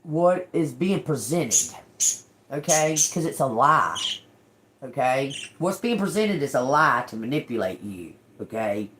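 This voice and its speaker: A woman's voice: very deep voice, sing-song, a little slow, a bit bright, a little hiss or hum. A woman giving a casual tarot reading to her viewers, blunt and emphatic, cursing freely and often checking in with "okay?". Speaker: tarot reader.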